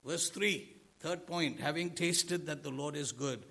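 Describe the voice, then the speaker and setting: A man's voice: a little high, a little slow, vocal fry, a bit bright, slight background noise. A man preaching a sermon to a congregation, asking them rhetorical questions. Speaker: pastor.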